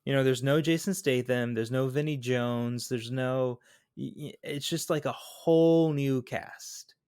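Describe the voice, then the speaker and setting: A man co-hosting a podcast, chatting casually about a film in a relaxed, slightly halting way. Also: mid-range voice, clean tone, no echo, clean studio sound. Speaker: podcast co-host.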